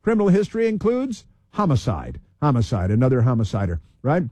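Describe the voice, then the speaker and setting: A man's voice: medium pitch, huge pitch swings, a little fast, a little mellow, no echo. A man hosting political talk radio, heated, repeating himself and reeling off long lists.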